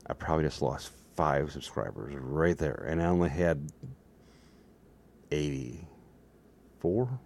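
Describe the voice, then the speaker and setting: A man's voice: a bass voice, lively intonation, slow, vocal fry, long pauses, darkish tone. A tired man chatting in a meandering, self-deprecating way on his own vlog. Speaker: vlogger. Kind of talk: rambling casual vlog.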